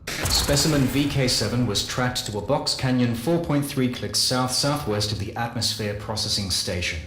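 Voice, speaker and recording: An actor playing a solemn male scientist narrating a game audio journal, measured and confessional. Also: mid-range voice, fairly bright tone, a little hiss or hum, close to an everyday voice. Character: solemn male scientist recounting guilty secrets. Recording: echoey voice with faint music.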